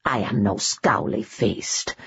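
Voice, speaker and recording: A woman voicing a curt, growling male Scottish Highland vampire warrior with a dry manner. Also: takes it slowly, gravelly, husky, lo-fi sound, full character voice. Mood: gruff.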